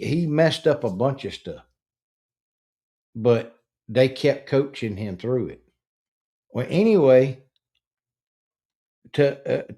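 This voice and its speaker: A middle-aged man with a drawl hosts a true-crime chat. His voice is dark and mellow, and he talks at an unhurried, deliberate pace. He stresses key words and often restarts his sentences as he builds up indignation. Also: mid-range voice. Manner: slow, emphatic, indignant storytelling with restarts. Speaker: podcast host. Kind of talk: casual true-crime discussion.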